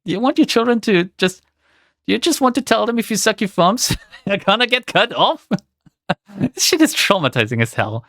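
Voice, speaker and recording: Young woman streamer reading to chat, swears a lot, super animated voice, dry sound. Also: mid-range voice, normal speed, no room sound. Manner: sardonic, swears freely, laughing commentary.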